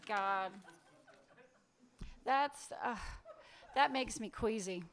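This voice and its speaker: Man doing bitter sarcastic wife, high voice, demanding, biting, literary reading. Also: extremely slow, crowd noise, heavily acted. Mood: irritated. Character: sharp-tongued woman, wife, bitter and sarcastic. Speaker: fiction author reading aloud. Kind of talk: literary reading, acted dialogue.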